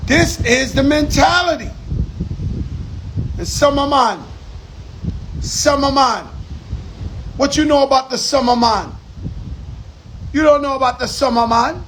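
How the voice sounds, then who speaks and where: A man with a strikingly high voice rambles slowly through a casual, profane talk, repeating his phrases. Steady outdoor noise and passing vehicles sit behind him. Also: low-quality recording. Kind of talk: casual monologue. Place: outdoors on an island.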